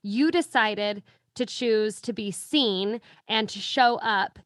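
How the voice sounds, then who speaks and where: A woman author as guest, talking earnestly about faith and her book, slowing down to stress her points. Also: mid-range voice, dry recording, studio quality. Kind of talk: faith-based reflective talk.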